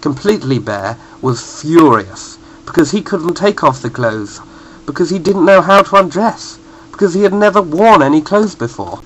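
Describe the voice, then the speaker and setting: A man narrates a children's bedtime story with playful expression. His pitch moves lively through each line. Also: a little hiss or hum, rough recording.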